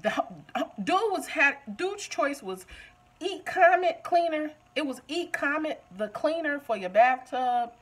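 Animated woman reviewing a TV episode. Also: sits high, a little slow, poor audio. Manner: animated, joking, talks back to the show. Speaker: TV recap vlogger.

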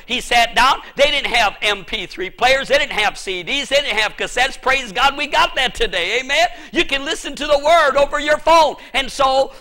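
A middle-aged male pastor preaching a sermon in church, emphatic, with sudden shouted bursts. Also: extremely high pitch, moderate pace, few pauses.

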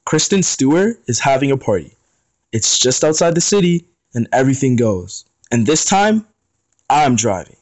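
A young man reading as a quick-tempered psychic teenage girl. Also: fairly high pitch, no echo, close to an everyday voice. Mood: excited.

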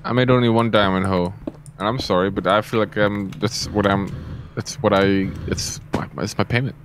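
A man's voice: lowish voice, fairly even intonation, moderate pace, noisy background. A man in casual gaming chat with friends, teasing and laughing often. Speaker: game player.

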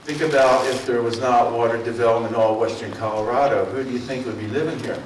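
A man's voice: mid-range voice, fairly even intonation, quick pace, echoey room, distant mic, slight background noise, low-quality recording. Folksy Mid-Atlantic man giving a talk. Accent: Philadelphia / South Jersey. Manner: folksy and rambling, with many fillers and self-corrections. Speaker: water district speaker. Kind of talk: public talk to a community forum. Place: meeting room.

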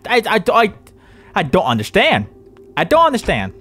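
A young man playing a horror game and reacting loudly, yelping and swearing at scares, then rambling through a recap. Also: sits high, moderate pace, pauses often, slight background noise. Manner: excitable, yelps and swears at scares; rambling, self-correcting outro recap. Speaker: gaming YouTuber. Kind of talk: reactive gameplay commentary.

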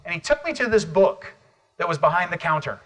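A middle-aged American man giving an energetic motivational keynote at a conference, calling on the audience for responses. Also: high-pitched, fairly quick. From United States. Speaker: motivational speaker.

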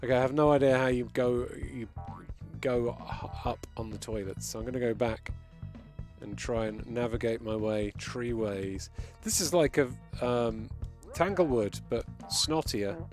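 A man's voice: mid-range voice, a little slow, vocal fry, a little mellow. Man, game streamer, live commentary, chatty, amused, faint music behind. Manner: chatty, amused, reacting as he plays.

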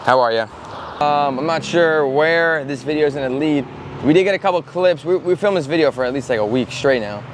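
A man's voice: on the high side, brisk, slight background noise. A man hosting a prank vlog, talking in a playful, teasing way. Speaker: prank vlogger. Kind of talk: casual vlog and street pranks.

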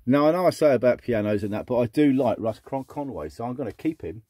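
A middle-aged man chatting casually as he sorts through a box of old records, muttering asides and breaking into excited exclamations. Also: mid-range voice, quick pace, dry recording. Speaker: record collector vlogger. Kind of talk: casual unboxing chat.

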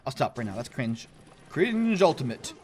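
Chatty young man with an animated voice. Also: medium pitch, moderate pace. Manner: chatty, self-mocking, laughs often. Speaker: gaming YouTuber. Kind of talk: casual gameplay commentary.

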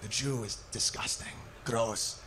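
A man voicing a group of grim extremist men in a deep, slow put-on voice. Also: fairly even intonation, noisy background, close to an everyday voice. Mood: menacing.

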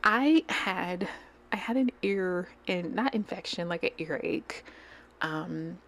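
Woman, low voice, planner channel host, casual rambling chat, gushing, soft near-whispered asides, desk microphone, at home. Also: expressive, takes it slowly. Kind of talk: casual chat while decorating a digital planner.

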